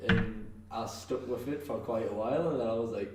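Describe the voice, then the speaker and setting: A man's voice: medium pitch, a little fast, over a noisy crowd. A male wrestler with a North East English accent, chatting casually on a podcast, rambling with lots of fillers and restarts and laughing often. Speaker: professional wrestler, guest. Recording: echoey, distant mic with faint noise.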